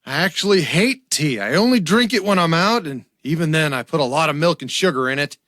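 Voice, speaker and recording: A man's voice: a little high, animated, a little fast, fairly bright tone, no room sound, studio quality. An actor playing a nervous young male artist suspect in a radio drama, anxious and stammering. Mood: defensive. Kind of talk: radio theater acting.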